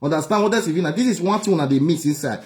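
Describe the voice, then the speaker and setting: A man's voice: a little high, rapid-fire. A Nigerian man from Nigeria delivering a heated political rant as an online broadcaster, angry, mocking and repeating himself.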